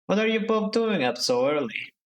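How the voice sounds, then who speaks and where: A man voicing a drowsy, laid-back young male crewmate in a game, pitching his voice clearly higher. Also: animated, moderate pace. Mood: amused. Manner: lazy, amused.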